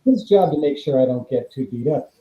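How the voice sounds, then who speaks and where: A man's voice: mid-range voice, fairly quick, roomy sound, muffled recording. A middle-aged man, a former stuntman, tells stories as a guest in an interview, acting out the quoted dialogue. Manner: animated anecdote-telling, acts out quoted dialogue. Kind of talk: storytelling in a podcast interview.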